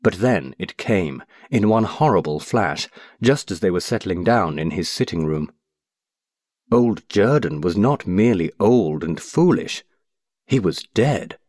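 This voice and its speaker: A man with a very low voice narrates an audiobook in an expressive, measured way. His pitch moves in a lively way through the sentences. The recording is close and dry. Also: no echo.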